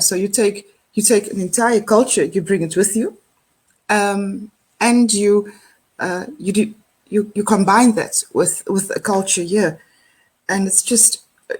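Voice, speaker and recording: A middle-aged woman with a South African accent talks as an interview guest, and her voice is breathy and a little husky. She thinks aloud, circling back with fillers and restarts, at a mid pitch. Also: a little mellow. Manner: reflective, many fillers and restarts. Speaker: guest speaker. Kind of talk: casual interview conversation.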